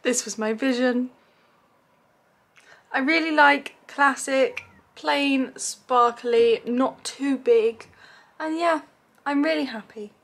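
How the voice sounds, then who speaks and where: A woman's voice: sits high, takes it slowly, vocal fry, long pauses, fairly bright tone. A young woman chatting to camera in a casual vlog from a hotel room, bubbly and self-deprecating. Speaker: vlogger.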